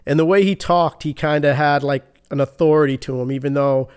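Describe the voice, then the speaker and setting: Smooth-voiced man telling his recovery story. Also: fairly high pitch, fairly even intonation, a little mellow. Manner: earnest, halting, with many restarts. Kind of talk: personal recovery testimony.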